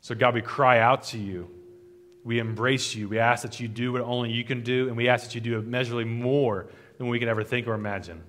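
A man, a pastor, preaching a sermon and leading a closing prayer, earnest and rhythmic, with his phrases falling softer at the ends. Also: mid-range voice, fairly even intonation, fairly quick. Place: church sanctuary. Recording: long hall reverb.

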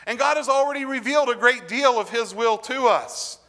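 Male pastor, middle-aged, high pitch, sermon delivery with slow emphatic readings. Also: bright, forceful tone. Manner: earnest preaching with slow emphatic scripture reading.

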